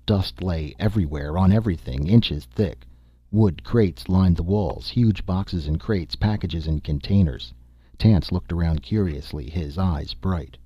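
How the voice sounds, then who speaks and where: A man reading a science-fiction story aloud in a steady, even narration. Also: sits low, a little slow, slightly rough, dry recording, lo-fi sound. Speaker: audiobook narrator. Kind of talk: scripted narration.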